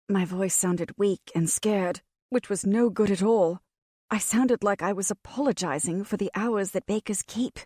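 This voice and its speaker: A woman narrating a cozy fantasy audiobook in the first person, with a wry, expressive storytelling manner. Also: medium pitch, a little slow, breathy edge, no echo, studio quality.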